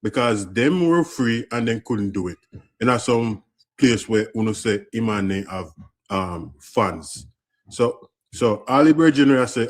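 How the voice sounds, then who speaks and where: A man with a Jamaican accent arguing his point in a live stream debate, stumbling and repeating words as he builds his case. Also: mid-range voice. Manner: argumentative, halting with repeated words. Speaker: debate caller.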